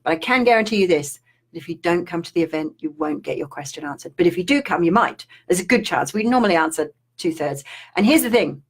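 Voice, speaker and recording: A middle-aged woman from Australia with an Australian accent, chatting casually on a live stream as a spiritual coach, rambling with restarts and fillers. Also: lowish voice.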